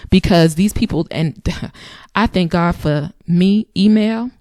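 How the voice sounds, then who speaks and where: A woman's voice: on the low side, slow pace, dark tone, no room sound, studio quality. A woman in her thirties hosting a channel, giving casual, emphatic advice in a conversational way and repeating phrases for effect. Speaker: channel host.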